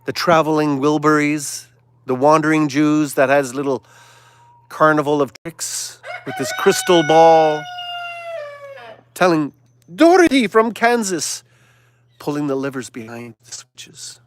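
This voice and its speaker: A man's voice: on the high side, animated, unhurried. Sarcastic man on a preachy rant. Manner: sarcastic, mocking asides; preachy, sermon-like exhortation. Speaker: live stream host. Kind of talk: ranting live-stream monologue.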